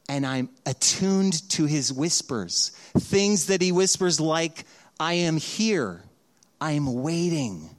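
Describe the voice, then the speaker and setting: A middle-aged male pastor preaching a sermon with a slightly high voice. He tells his stories with energy and acts out the voices of the people in them. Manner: animated storytelling, acts out voices in quotes.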